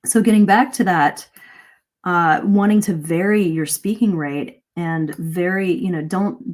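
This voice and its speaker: A middle-aged woman coaching English speaking in a live-streamed lesson, lively and shifting her pace and emphasis to demonstrate. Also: on the low side, a little slow.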